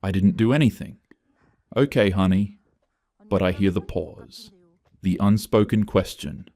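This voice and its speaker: A man's voice: lowish voice, dark tone. A man narrating a first-person story in a tense, confessional way.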